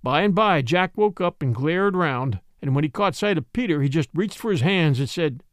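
A man reading a story aloud with lively, expressive delivery. His voice sits a little high, and the sound is close and dry. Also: normal speed, few pauses, no room sound. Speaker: narrator.

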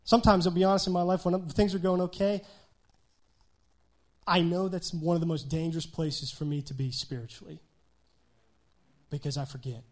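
A man preaching a sermon in a conversational style, often checking in with "right?" and swinging between loud emphasis and quiet asides. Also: a little high, fairly even intonation, normal speed, pauses often. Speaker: pastor.

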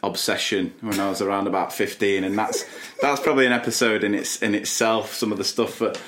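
A man's voice: on the low side, fairly even intonation, brisk, fairly bright tone. A man co-hosting a casual podcast, chatty and nostalgic, who laughs along with his co-host. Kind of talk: casual chat.

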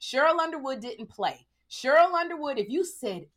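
A middle-aged woman comedian, chatting casually and telling stories in a lively, joking way. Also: high voice, normal speed. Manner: animated storyteller, lively and joking. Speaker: stand-up comedian. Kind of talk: casual podcast chat.

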